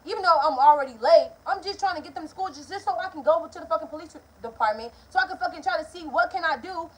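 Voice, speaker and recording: Animated, high-voiced young woman vlogger. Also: quick pace, a little hiss or hum. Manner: animated, profane, emphatic storytelling. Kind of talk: casual storytime.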